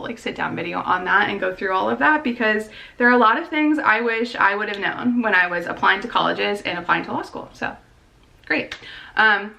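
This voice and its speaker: Chatty young woman with a gravelly edge. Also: mid-range voice, bright, forceful tone, poor audio. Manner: chatty, rambling, upbeat with laughs. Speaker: law student vlogger. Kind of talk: casual vlog chat. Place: out and about, car and campus.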